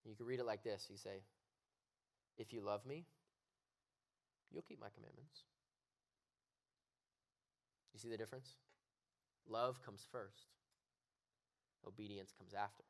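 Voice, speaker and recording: A young man giving a youth sermon, earnest and building to raised, emphatic pleading. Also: mid-range voice. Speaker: youth pastor. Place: youth service room with audience.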